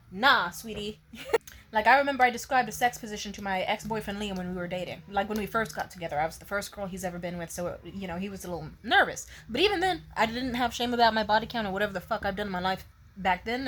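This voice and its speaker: A woman's voice: medium pitch, fairly bright tone, a little hiss or hum. A young woman telling a story to camera in a blunt, profane, casual way, often laughing. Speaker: vlogger.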